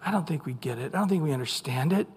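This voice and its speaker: A man preaching a Bible teaching, animated, acting out quotes in little voices. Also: on the high side, fast, breathy edge. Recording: long hall reverb.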